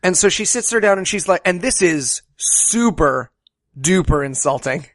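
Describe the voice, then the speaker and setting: A man's voice: high voice, animated, moderate pace, a bit bright, no room sound. A man co-hosting a podcast, joking through a movie recap and breaking into mocking bits. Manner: joking, mocking, slips into silly voices. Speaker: podcast co-host. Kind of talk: casual comedic movie recap.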